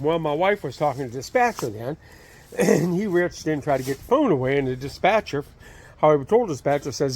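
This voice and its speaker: A man's voice: on the high side, expressive, fairly quick, darkish tone. A man telling a story in a casual way, rambling with many fillers and restarts, beside his trailer outdoors. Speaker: channel host telling a story.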